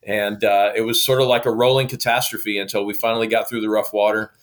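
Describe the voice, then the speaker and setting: A man from Oklahoma, a guest telling a story in a lively, casual way. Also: lowish voice, fast talker. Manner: lively, acts out quoted dialogue.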